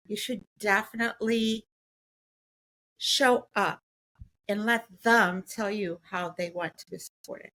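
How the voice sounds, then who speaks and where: A woman's voice: on the high side, fairly bright tone. A woman in a podcast conversation who speaks in an earnest, heartfelt way and lifts her voice when she quotes others.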